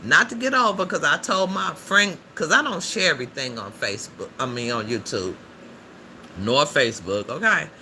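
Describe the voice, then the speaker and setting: A man's voice: a little high, animated, moderate pace, sharp tone. A man hosting a casual livestream, chatting freely and answering viewer comments aloud, laughing often. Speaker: livestream host. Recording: noisy background ambience.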